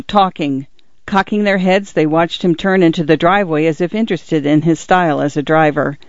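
A man narrates literary fiction in a measured, expressive audiobook read. His voice sits a little high. The recording is dry and slightly dull, with no room sound. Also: no echo.

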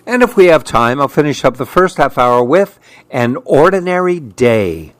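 A man hosting a radio children's story hour, reading picture books aloud in a gentle, friendly manner. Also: mid-range voice, sing-song, moderate pace, no echo.

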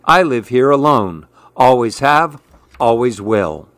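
A man reading aloud gives us a grumpy, solitary storybook man who insists on being left alone. His lines come fussy and exclaiming, at a slow pace, in a dry, close recording with no room sound. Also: medium pitch, animated, fairly bright tone, no room sound. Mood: stubborn.

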